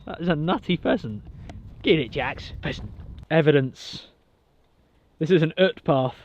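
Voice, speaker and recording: A man vlogging casually while walking his dog outdoors in a park, chatty and quick to laugh. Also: on the high side, animated, a little mellow, lo-fi sound, a little hiss or hum. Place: outdoors in a park and golf course.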